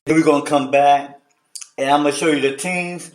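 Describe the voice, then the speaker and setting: A man hosting a casual sports chat show, telling stories in an animated, slangy way. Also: fairly high pitch, moderate pace. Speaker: host. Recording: echoey room, distant mic.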